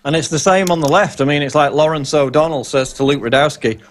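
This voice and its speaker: Male radio correspondent, a touch high-pitched, indignant and scornful. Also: fast talker. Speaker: reporter and co-host. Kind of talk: live talk radio commentary.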